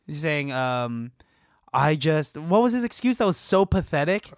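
A man's voice: fairly high pitch, big pitch swings, a little slow, dry recording, clean studio sound. A man co-hosting a casual movie talk, laid-back, swearing and acting out lines. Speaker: podcast co-host.

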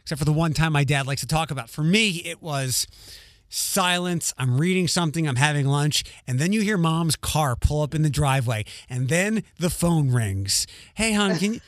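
Slightly high-voiced man telling rambling stories. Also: fairly bright tone, dry recording, clean studio sound. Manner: rambling, self-interrupting anecdotes with swearing. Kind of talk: casual storytelling chat.

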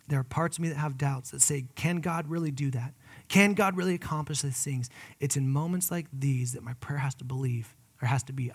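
High-voiced earnest man preaching. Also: quick pace, slightly rough. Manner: earnest and conversational, swinging from loud emphatic peaks to hushed whispers; personal, addresses listeners as guys. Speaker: pastor. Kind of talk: sermon.

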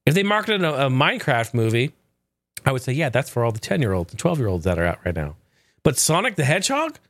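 A man's voice: high-pitched, fairly bright tone, no echo, studio quality. A man in his thirties or forties ranting sarcastically, swearing a lot and acting out other people's quotes. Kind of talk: profane ranting commentary.

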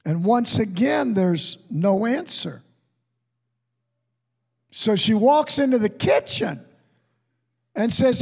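This is an expressive sermon from a pastor whose high, gravelly, husky voice carries a long echo around the sanctuary. Speaking at an unhurried, drawn-out pace, he blends folksy storytelling with fervent calls to his listeners.

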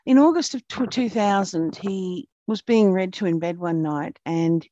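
A woman's voice: medium pitch, measured pace, warm tone, no echo, muffled recording. Woman interviewer asking tag questions. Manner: leading questions ending in tag questions.

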